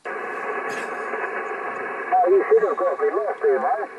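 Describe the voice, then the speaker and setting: A man's voice: sits high, huge pitch swings, slow, narrow, tinny audio. Australian man over a noisy radio. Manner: matey, banter with radio slang. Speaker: amateur radio operator on the other end. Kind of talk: casual ham radio chat. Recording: distant noisy radio transmission.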